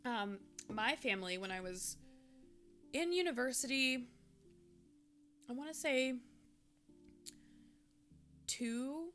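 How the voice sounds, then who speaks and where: Young woman streamer, from Minnesota, bright voice, rambling casual chat, faint music behind. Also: sits high, slow pace, long pauses. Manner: chatty, rambling, many fillers.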